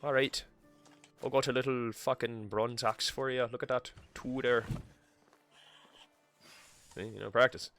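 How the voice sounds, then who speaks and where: A man's voice: medium pitch, fairly even intonation, unhurried, long pauses, a bit bright, faint music behind. A man live-streaming a game, chatting casually with himself and swearing freely as he plays. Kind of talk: casual gameplay commentary.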